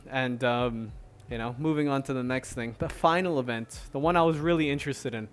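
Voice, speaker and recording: A man's voice: medium pitch, a little fast. Guy rambling on his podcast, super casual, lots of "like", faint hum behind. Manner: rambling, many fillers and restarts, laughs often. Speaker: podcast host. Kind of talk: casual solo podcast chat.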